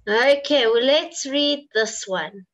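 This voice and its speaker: A woman teacher reading stories aloud to children in an expressive, sing-song way, then signing off warmly. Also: high-pitched, takes it slowly, highs cut off. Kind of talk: story time reading to children.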